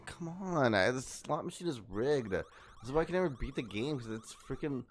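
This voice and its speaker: A man's voice: medium pitch, expressive, moderate pace, soft background music. A man playing a game in a casual chat, grumbling and exasperated about it. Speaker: player.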